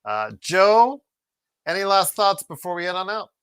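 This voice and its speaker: A man's voice: high-pitched, sing-song, moderate pace, a bit bright, clean tone. A man hosting a casual sports podcast, easygoing and laughing as he wraps up the show. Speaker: podcast host.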